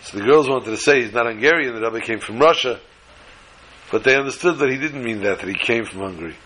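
A man's voice: mid-range voice, fast, sharp tone, slight background noise, rough recording. A man giving an earnest Torah lecture, mixing in Hebrew and Yiddish terms and telling a story.

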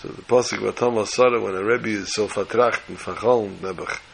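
A man's voice: on the low side, fairly even intonation, a little fast, creaky, husky. A man preaching as a rabbi, telling a story in a folksy, emphatic way. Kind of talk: sermon with storytelling.

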